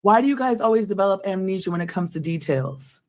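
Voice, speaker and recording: A woman's voice: mid-range voice, lively intonation, quick pace, darkish tone. A woman reacting to clips with blunt, scornful, profane commentary.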